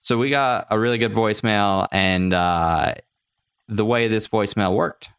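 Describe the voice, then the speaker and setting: A man's voice: on the low side, unhurried, fairly bright tone, clear, resonant tone. A man hosting a casual podcast, reading listener mail aloud and laughing. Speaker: podcast host.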